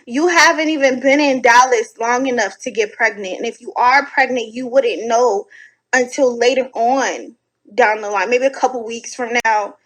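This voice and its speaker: A woman giving casual reaction commentary from home at night, animated, sassy and blunt, swearing freely. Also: fairly high pitch, unhurried, long pauses, rough recording. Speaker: online commentator reacting to videos.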